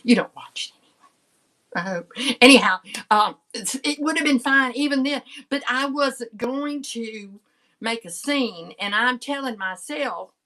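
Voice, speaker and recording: Older woman, bright voice, rambling family story, laughs a lot, keeps restarting. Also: a little high, measured pace, low-quality recording. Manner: chatty, laughs often, self-interrupting. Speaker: channel host. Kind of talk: casual storytelling chat.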